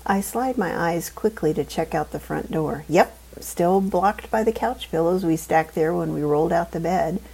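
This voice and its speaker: A woman reading a first-person novel aloud in a wry, deadpan, humorous way. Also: on the low side, normal speed, gravelly, few pauses, husky, low-quality recording. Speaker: audiobook narrator. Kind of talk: first-person scripted narration.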